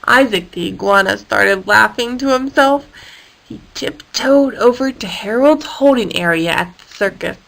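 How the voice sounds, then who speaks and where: A woman reading a children's story aloud with a playful, expressive manner. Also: a little high, unhurried, gravelly, rough recording. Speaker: storybook reader.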